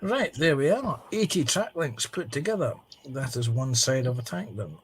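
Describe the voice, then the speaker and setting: Scottish man, dry teasing humour, casual chat, clear background noise. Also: mid-range voice, sing-song, moderate pace. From Scotland. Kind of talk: casual chat while modelling.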